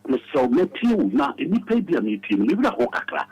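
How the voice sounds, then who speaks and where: A man calling in to a radio show, talking in an animated way with his pitch jumping up and down. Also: quick pace, slightly rough, dull audio. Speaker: radio caller. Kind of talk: phone-in talk.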